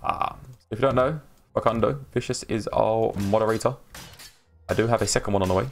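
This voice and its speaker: A man's voice: lowish voice, brisk, vocal fry, slight background noise. An English man hosting a casual live game stream, rambling, laughing often and greeting viewers in chat by name. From England. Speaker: livestream host.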